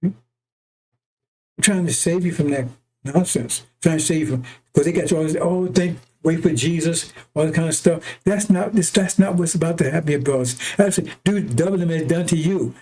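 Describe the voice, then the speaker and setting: A warm-toned man on the high side preaches a little fast, his unscripted monologue impassioned and laced with profanity. Repetition runs through it, as do frequent "right?" and "see?" checks.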